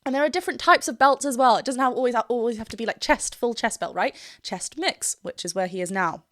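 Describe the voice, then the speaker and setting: A woman's voice: fairly high pitch, fast, fairly bright tone, no echo, clean studio sound. A woman vocal coach giving an enthusiastic analysis in a reaction video, often laughing and breaking into short sung demonstrations. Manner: laughs often while explaining.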